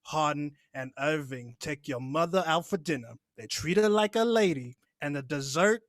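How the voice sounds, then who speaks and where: A man's voice: on the high side, animated, normal speed, no echo, clean studio sound, close to an everyday voice. A man putting on a New York accent to play a brash, taunting sports fan. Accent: New York put-on.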